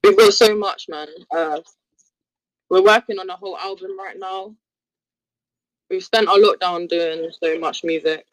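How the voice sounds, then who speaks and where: A woman's voice: fairly low pitch, steady tone, unhurried, long pauses, no echo, poor audio. A British woman, a musician, chatting as a guest on a podcast in a friendly, easygoing way. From United Kingdom. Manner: friendly, easygoing, laughs readily. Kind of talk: casual interview chat.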